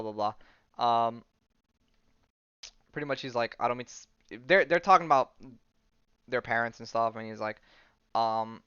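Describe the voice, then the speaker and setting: Podcast guy rambling thru a comic recap, smooth voice, dry dull lo-fi mic. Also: mid-range voice, a bit bright, no echo. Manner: rambling, full of ums and likes. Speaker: podcast host.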